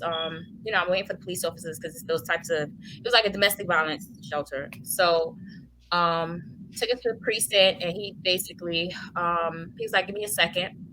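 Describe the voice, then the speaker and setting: A woman with a bright, clear voice shares her own hard experience as an interview guest. She speaks warmly and casually, with fillers and restarts throughout, and there is a faint hiss behind her. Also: fairly low pitch, low-quality recording. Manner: heartfelt, colloquial, many fillers. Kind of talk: personal testimonial storytelling.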